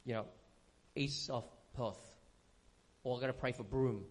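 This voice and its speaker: A man teaching a sermon in a conversational way, often checking in with "okay?" and pausing on fillers. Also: mid-range voice, steady tone. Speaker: pastor.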